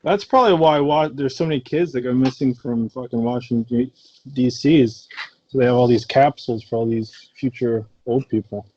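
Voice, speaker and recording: A man's voice: mid-range voice, fairly quick, dark tone, slightly rough, lo-fi sound. A man co-hosting a casual podcast, stammering and restarting his sentences. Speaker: podcast co-host. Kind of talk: casual chat.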